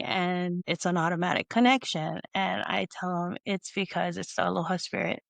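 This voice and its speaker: A woman's voice: lowish voice, fairly even intonation, moderate pace, gravelly, hardly any pauses, no room sound. A middle-aged woman from Hawaii, hosting a podcast and telling a story in a casual, meandering way with restarts. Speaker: podcast host. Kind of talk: casual solo podcast talk.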